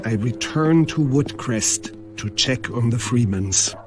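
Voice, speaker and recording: A man playing a deadpan documentary reporter who narrates and interviews in an animated comedy. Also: mid-range voice, takes it slowly, over loud music, natural voice. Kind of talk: mock documentary narration in a cartoon.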